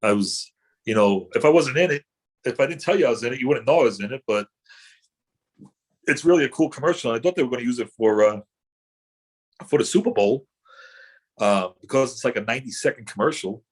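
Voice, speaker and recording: A man's voice: mid-range voice, lively intonation, fairly quick, long pauses, slightly rough. A middle-aged man, an actor guest, telling rambling anecdotes in casual chat with many fillers and restarts.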